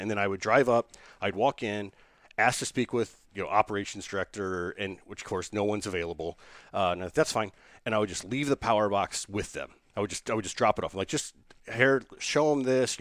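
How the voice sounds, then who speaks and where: A man, a business owner telling a lively story in an interview, restarting sentences and acting out the people he quotes. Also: lowish voice, no echo, clean studio sound.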